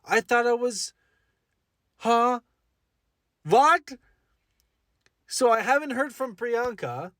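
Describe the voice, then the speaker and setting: A man's voice: very high-pitched, lively intonation, normal speed, hardly any pauses, fairly bright tone, no room sound. A young adult man, a content creator, animatedly retelling a story with self-mocking asides. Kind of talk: storytelling to camera.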